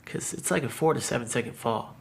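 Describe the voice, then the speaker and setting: Man telling his story, halting and emotional. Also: medium pitch, gravelly, a little hiss or hum. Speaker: suicide attempt survivor. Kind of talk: personal testimony. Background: background music.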